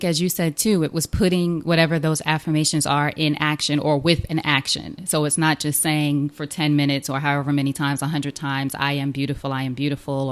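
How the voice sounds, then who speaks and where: A woman hosting an interview podcast, encouraging her guest and summing up what she has said. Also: low-pitched. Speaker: podcast host. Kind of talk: interview conversation.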